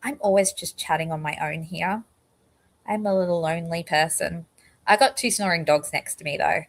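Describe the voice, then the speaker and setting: A chatty woman with an Australian accent that leans slightly British hosts a casual livestream from home. She rambles along in a friendly, relaxed way and now and then trips over her words. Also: fairly low pitch, moderate pace. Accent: Australian with a slight British touch. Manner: chatty, rambling, gets tongue-tied. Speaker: livestream host.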